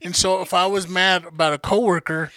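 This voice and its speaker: A man's voice: sits high, steady tone, brisk, pushed and bright, no echo, clean studio sound. A young man co-hosting a casual podcast, telling stories in a profane, heated way. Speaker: podcast co-host.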